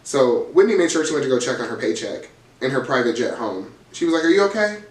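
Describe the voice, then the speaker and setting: A man's voice: medium pitch, animated, fast, distant mic. A man hosting a casual reality TV recap, telling the drama in a gossipy, profane, dramatic way. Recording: roomy, from off the mic.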